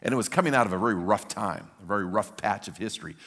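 A man's voice: on the low side, fast talker, a bit bright, husky, long reverb tail. An older man preaching a sermon as a pastor, telling a story with energy and repeating words for emphasis.

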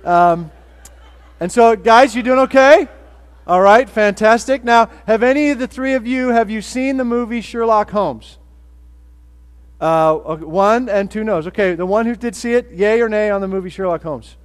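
A man's voice: sits high, normal speed. A man preaching a sermon as pastor, in a casual, joking way with fillers and restarts. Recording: long hall reverb.

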